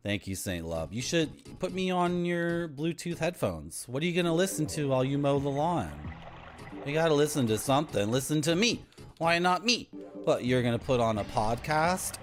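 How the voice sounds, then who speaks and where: Playful man streaming a game, lively pitch. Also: normal speed. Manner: playful, joking with chat. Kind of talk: casual gameplay commentary. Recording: game music behind voice.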